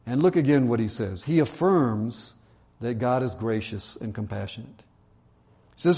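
A man preaching a sermon, animated and acting out quoted lines with a raised voice. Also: medium pitch, moderate pace.

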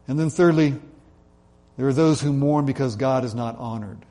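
A man preaching a sermon in an earnest way, slowing down and dropping his voice to stress key points. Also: mid-range voice, warm tone. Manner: earnest, slows and drops his voice for emphasis. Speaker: pastor.

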